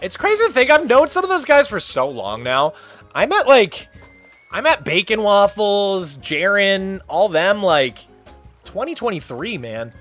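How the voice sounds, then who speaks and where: On a live stream, a high-voiced young guy casually vents with exaggerated, mock indignation, pitch leaping around. He sounds bright, forceful, and animated, with faint music running under his voice.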